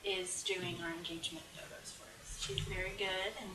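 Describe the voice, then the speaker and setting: A woman's voice: mid-range voice, level tone, moderate pace. A young woman chatting casually as a bride-to-be guest, laughing easily and trailing off. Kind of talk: casual chat. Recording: echoey room, away from the mic, faint background hum.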